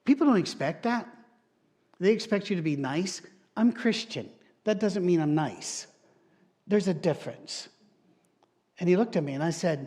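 A man's voice: a little high, normal speed, long pauses, darkish tone. A male pastor, preaching a sermon and telling stories with strong emphasis. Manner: storytelling, emphatic, mock-quotes others in shifted voices.

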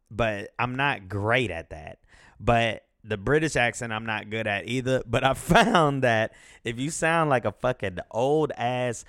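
A man's voice: fairly low pitch, fairly bright tone, no echo, clean studio sound. A man in his thirties hosting a casual podcast, rambling, swearing freely and laughing as he goes. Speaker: podcast host. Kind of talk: casual chat.

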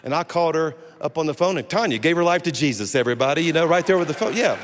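Brief: male pastor, chatty storyteller from the pulpit, higher pitch, echoing church hall. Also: very fast, slight background noise. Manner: animated, jokey storyteller with many restarts. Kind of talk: storytelling sermon. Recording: echoey hall.

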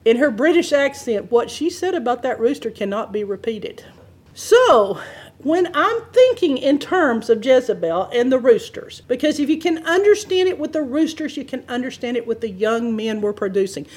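A woman preaching a sermon, telling a story with lively swings in pitch and loudness and laughing at her own anecdotes. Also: moderate pace, slightly rough.

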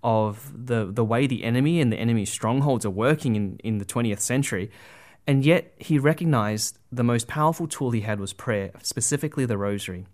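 A man's voice: medium pitch, brisk, a little mellow. A man giving a conversational religious talk, earnest and full of asides like "you know" and "right?", often restarting his sentences. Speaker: Catholic speaker.

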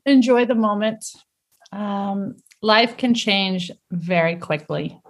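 A middle-aged woman from the United States, a guest in a casual interview, telling animated stories and laughing often. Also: medium pitch, takes it slowly.

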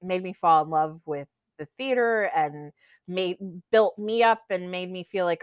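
A young adult woman, a guest actor, chatting casually and telling lively stories about her acting training. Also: fairly low pitch, takes it slowly, smooth, no echo, highs cut off. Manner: animated storyteller, imitates teachers. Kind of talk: casual chat.

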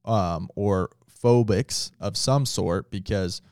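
A man's voice: fairly low pitch, slow pace, darkish tone, smooth, dry recording, clean studio sound, soft background music. A man who is a pastor, talking casually and earnestly with lots of filler words. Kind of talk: casual podcast talk.

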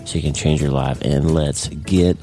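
A man's voice: a bass voice, fairly even intonation, moderate pace, mellow, soft background music. A middle-aged man hosting a podcast, talking earnestly off the cuff with frequent restarts. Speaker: podcast host, neurosurgeon. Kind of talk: casual unscripted podcast monologue.

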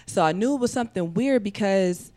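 Woman guest on a podcast spilling a long personal story, lots of ums, voices the other people really high. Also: brisk. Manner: animated, acts out quoted voices with big pitch jumps; talks in rambling runs with many fillers.

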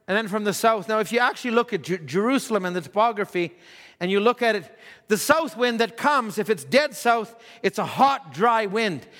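A man delivers a sermon with a very high-pitched voice. He talks conversationally, repeats and restarts his words, and sinks to a hushed tone when he turns reflective. The sound carries a long hall reverb. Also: expressive, normal speed. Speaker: preacher.

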